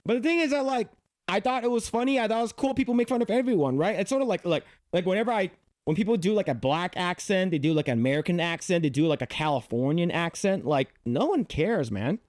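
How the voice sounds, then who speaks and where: Male reaction host, blunt and profane, rambling, somewhat high voice, dry close recording. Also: lively intonation, fast talker, darkish tone, no echo. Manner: blunt, profane, reads comments aloud with rambling restarts. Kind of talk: casual reaction commentary.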